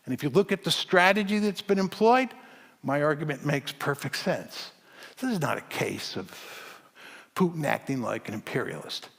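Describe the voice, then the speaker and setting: A man speaking at a slightly higher pitch than most men, lecturing an audience in a forceful, argumentative way. He hammers on the words that carry his point. His voice rings out with the long reverb of a large lecture hall. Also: lively intonation, normal speed, vocal fry, husky. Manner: emphatic, argumentative, stresses key words.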